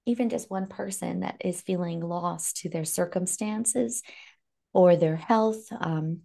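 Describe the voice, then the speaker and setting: Gravelly, candid woman talking with open feeling. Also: fairly low pitch, a little slow, mellow. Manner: frank and emotional, swears freely. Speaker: podcast co-host and life coach. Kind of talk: candid conversational podcast talk.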